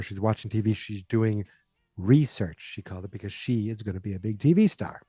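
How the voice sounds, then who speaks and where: Mellow-voiced man rambling through a recap. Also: lowish voice, brisk, husky, no room sound, clean studio sound. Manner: rambling, chatty retelling. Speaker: podcast host. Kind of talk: casual movie recap.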